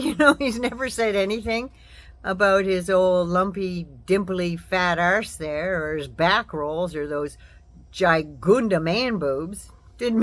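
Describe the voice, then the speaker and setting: A woman's voice: mid-range voice, dry recording. An older woman vlogger delivering a casual, sarcastic political commentary rant with mocking asides.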